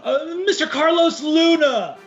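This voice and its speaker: A man's voice: very high voice, animated, a little slow, muffled recording, soft background music. A man narrating a tabletop game as game master, telling the story in a grand, theatrical way from his home.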